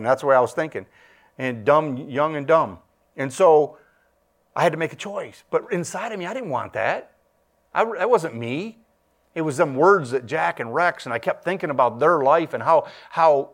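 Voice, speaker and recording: A middle-aged man preaching his testimony with earnest emotion, often restarting words and surging louder as he gets fired up. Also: medium pitch, brisk. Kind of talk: testimony sermon.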